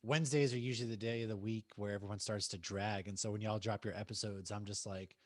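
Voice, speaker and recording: A man's voice: on the low side, steady tone, fast, no room sound, studio quality. A man hosting a podcast, telling stories and jokes in a loose chat, swearing freely. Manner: joking storyteller, swears freely. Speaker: podcast host.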